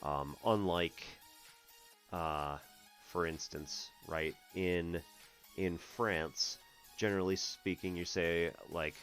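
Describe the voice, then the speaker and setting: A man from the US Northeast hosting a math stream, chatting casually, laughing often and clearing his throat. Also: sits low, steady tone, slow pace, a bit bright, soft background music. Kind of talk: casual livestream chat.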